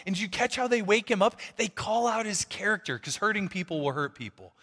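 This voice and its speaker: A man preaching a sermon as pastor, animated and conversational, acting out quotes from the people in his stories. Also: high voice, fairly quick, few pauses, long reverb tail.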